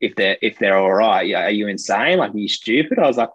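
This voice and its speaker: A man's voice: on the low side, lively intonation, fast, a bit bright, breathy edge, dry recording, lo-fi sound. A young Australian man telling a rambling anecdote in casual chat, full of fillers. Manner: rambling, filler-heavy, laughs between lines. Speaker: storyteller.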